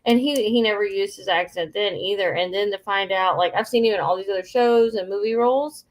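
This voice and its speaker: A woman co-hosting a casual chat, blunt, teasing and expressive. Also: mid-range voice, brisk. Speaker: co-host.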